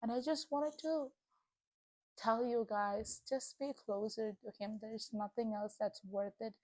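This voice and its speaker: Young adult woman, chatty faith vlogger, heartfelt delivery, slightly high pitch, dry room. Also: fairly even intonation, a little slow, mellow, no room sound. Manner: earnest and emotional, chatty with many fillers. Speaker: Christian vlogger. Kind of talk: casual spoken testimony.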